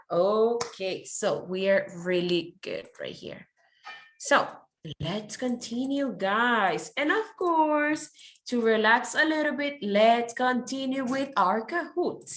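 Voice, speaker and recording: A woman's voice: on the high side, very animated, slow, fairly bright tone. Upbeat woman teaching English. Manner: encouraging, praises often, switches to Spanish. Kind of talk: online class teaching.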